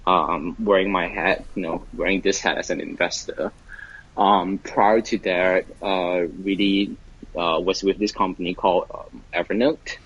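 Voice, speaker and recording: Low husky man on earbud mic. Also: unhurried, muffled recording. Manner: relaxed, many fillers and laughs. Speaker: podcast guest, investor. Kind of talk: casual interview conversation. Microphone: wireless earbuds.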